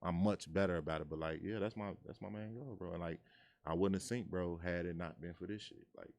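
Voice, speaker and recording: A man from Chicago in his thirties, telling stories in casual chat and acting out quotes in a high voice. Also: brisk. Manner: animated storyteller, acts out quotes in a high voice. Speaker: guest.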